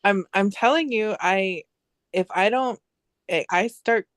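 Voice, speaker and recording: A woman in casual chat, telling animated stories with frequent restarts. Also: medium pitch, a little slow, no echo, studio quality.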